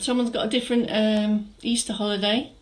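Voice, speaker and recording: A woman's voice: mid-range voice, level tone, a little fast, low-quality recording. A middle-aged woman from England leading a live online exercise class, chatting through viewer comments and giving encouraging cues. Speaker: fitness instructor.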